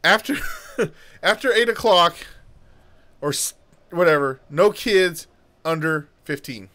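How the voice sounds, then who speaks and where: A man's voice: on the high side, expressive, slow pace, sharp tone. A man co-hosting a podcast, ranting heatedly and profanely in casual chat. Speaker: podcast co-host.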